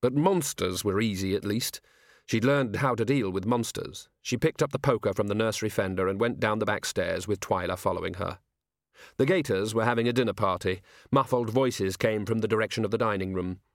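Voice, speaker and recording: A man reading a novel aloud as an audiobook narrator, measured and wry. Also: fairly low pitch, no echo, clean studio sound. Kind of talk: scripted narration.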